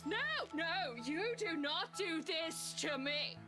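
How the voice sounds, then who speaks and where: A woman's voice: slow pace, music in the background. An actress playing a bitter, desperate pregnant young mistress who accuses her lover in a game. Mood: furious. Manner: accusing, shrill.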